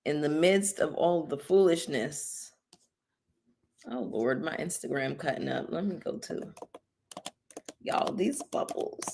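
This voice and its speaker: A woman's voice: deep voice, unhurried, vocal fry, a little mellow, a little hiss or hum. A woman hosting a casual commentary livestream. She is tipsy and swears heavily in a blunt, heated way. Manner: heavy cursing, blunt and heated. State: tipsy from drinking bubbly. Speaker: channel host.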